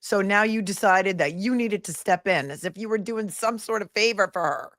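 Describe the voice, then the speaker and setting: A woman's voice: medium pitch, normal speed, fairly bright tone, no echo, studio quality. A woman hosting a live trial commentary stream, blunt and sarcastic, with some swearing.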